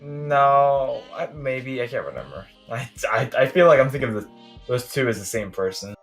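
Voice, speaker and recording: A man's voice: mid-range voice, lively intonation, moderate pace, soft background music. Hesitant young man reacting casually. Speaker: podcast guest. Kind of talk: casual chat.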